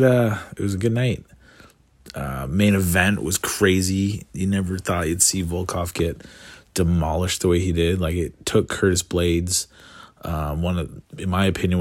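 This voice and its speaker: A man's voice: sits low, no echo, studio quality. A young Canadian man giving a casual, rambling commentary full of fillers and enthusiasm.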